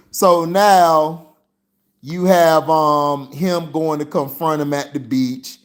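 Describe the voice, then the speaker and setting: Male host of a casual movie-review stream, slightly high voice, unhurried, rambling and slangy delivery. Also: fairly even intonation. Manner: rambling and slangy, full of "you know" fillers.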